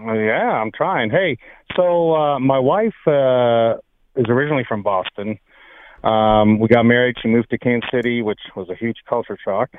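A man calling in to a talk show and telling animated stories about accents. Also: mid-range voice, moderate pace, no echo. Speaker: caller. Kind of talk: phone-in storytelling. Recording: tinny phone line.

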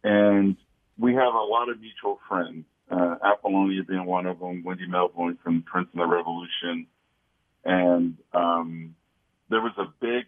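A man's voice: deep voice, narrow, tinny audio. A man calling in as a guest, a security consultant, talking about his career in an easygoing way. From Kansas City. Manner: easygoing, brief agreeing replies. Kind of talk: casual interview chat.

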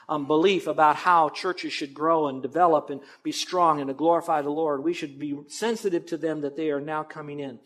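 A man's voice: fairly high pitch, fairly bright tone. A man pastor preaching a sermon in a conversational, emphatic way with asides to the congregation.

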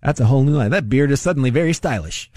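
A man's voice: mid-range voice, lively intonation, fast talker, a little mellow, no room sound, studio quality. Chatty man laughing at his own jokes. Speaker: financial radio host. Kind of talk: casual solo talk.

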